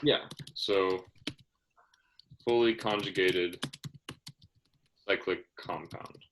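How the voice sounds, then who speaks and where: Young man, chemistry tutor, patient prompting questions, casual, bright tone. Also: sits low, slight background noise. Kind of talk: tutoring session, guiding questions.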